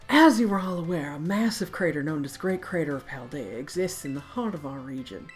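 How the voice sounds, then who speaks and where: A woman's voice: low-pitched, expressive, fairly quick, faint music behind. A woman voicing a pompous female history teacher who lectures grandly, trying for a southern drawl. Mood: lecturing. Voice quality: attempted southern drawl, theatrical.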